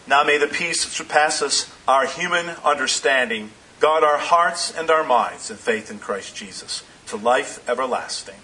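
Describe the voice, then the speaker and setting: A man preaching a sermon as pastor, in measured phrases that slow down for emphasis. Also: mid-range voice, sharp tone, a little hiss or hum, rough recording.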